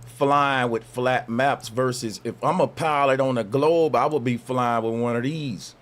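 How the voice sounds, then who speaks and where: A man's voice: medium pitch, fairly even intonation, measured pace, fairly bright tone. Laid-back male podcast host. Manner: laid-back, many affirming interjections. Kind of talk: casual podcast chat.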